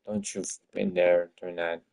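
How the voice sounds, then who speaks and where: A man's voice: deep voice, level tone, moderate pace, vocal fry, a little mellow. A man streaming his game-development work, talking to himself in an exasperated, swearing rant. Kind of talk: livestream commentary while working.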